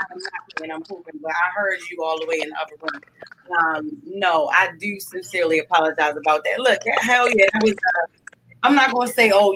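A woman's voice: on the low side, background noise. A young adult woman comedian with a D.C.-area accent, co-hosting a late-night call-in chat in a blunt, profane, playful way. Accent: Washington, D.C. area. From DMV area (Washington, D.C. region). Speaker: comedian co-host.

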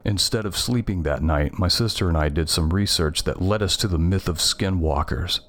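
A man reading a scripted first-person horror story in a measured, tense way. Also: sits low, a bit bright. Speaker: narrator.

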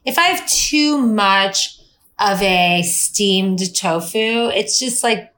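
A woman's voice: mid-range voice, animated, slow, sharp tone. A woman co-hosting a podcast in casual chat, teasing and easygoing, saying "like" often. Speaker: podcast co-host.

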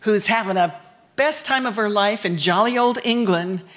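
A woman's voice: mid-range voice, normal speed, fairly bright tone. A woman from the United States telling a bawdy personal story on stage, candid and laughing as she goes. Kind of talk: live storytelling performance.

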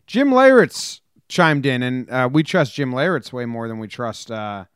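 A man co-hosting a casual sports podcast, joking and quick as he reads listener messages. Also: mid-range voice, expressive, smooth, dry recording, clean studio sound. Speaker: podcast co-host.

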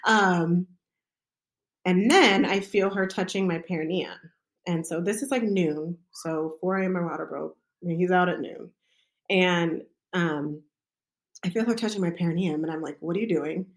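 A woman with a somewhat low voice tells a personal story in a casual, chatty way, as a midwife speaking from her own experience. Her talk is loose and conversational, with plenty of fillers. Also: normal speed.

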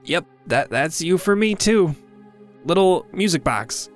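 A man's voice: high-pitched, expressive, a little slow, soft background music. A man voicing a guarded young male musician, speaking in a wary, questioning way.

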